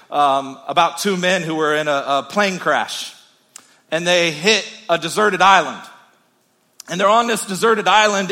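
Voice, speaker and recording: Male pastor, sermon, emphatic and repetitive, slightly high, bright. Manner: energetic, emphatic preaching with repetition.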